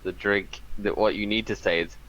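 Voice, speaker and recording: A man playing a tabletop game in a relaxed casual way, laughing easily. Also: on the low side, normal speed, dull audio. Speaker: player.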